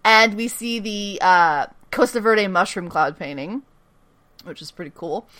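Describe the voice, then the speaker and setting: A woman co-hosting a casual podcast, recapping a TV episode, giggly and animated, breaking into quick voices for the characters. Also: medium pitch. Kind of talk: casual chat.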